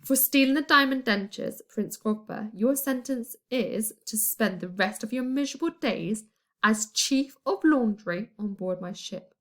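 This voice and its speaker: A woman's voice: on the high side, expressive, unhurried. Woman playing a gloating pirate captain. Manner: leering, teasing.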